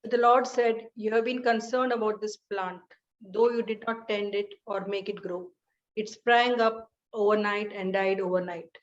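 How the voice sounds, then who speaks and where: A woman in a Bible study group reading a scripture passage aloud in a steady, careful way. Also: mid-range voice, measured pace. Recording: dull, heard from away from the mic.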